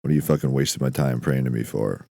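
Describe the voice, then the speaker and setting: A man's voice: very deep voice, fast talker, warm tone, no echo, studio quality, heavily acted. A man voicing an irritated, weary male God who talks curtly and swears. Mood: annoyed. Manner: gruff, dismissive.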